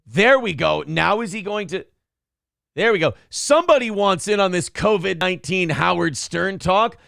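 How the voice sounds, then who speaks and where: Gravelly, sardonic radio host. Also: male voice, sits high, expressive, moderate pace, dry recording, studio quality. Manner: loud, sardonic, shouting rants. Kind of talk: casual talk show banter.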